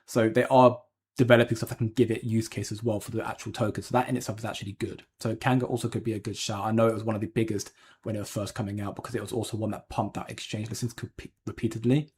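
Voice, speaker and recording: A man's voice: fairly low pitch, level tone, fast talker, a little mellow, slight background noise. A man hosting a crypto livestream, chatting casually and answering viewer comments with lots of ums and restarts. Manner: rambling, hedging, frequent ums and restarts. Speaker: crypto channel host.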